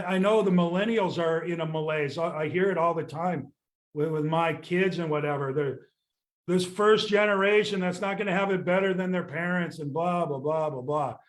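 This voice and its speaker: Blunt, exasperated older man. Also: on the high side. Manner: blunt, exasperated, swears casually. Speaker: real estate sales coach. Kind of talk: candid podcast rant.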